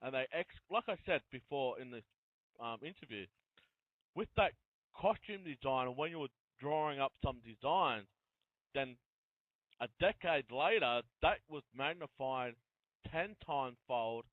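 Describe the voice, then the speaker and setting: A man's voice: medium pitch, animated, measured pace, dry recording. A man who hosts an interview, chatting in long run-on turns. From Australia. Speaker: interview host. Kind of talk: casual interview talk. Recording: tinny phone-line audio.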